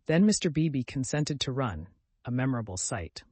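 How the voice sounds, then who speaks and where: A man narrating a classic novel as an audiobook, reading in an expressive storytelling manner. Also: medium pitch, moderate pace, husky, no echo. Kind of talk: scripted narration.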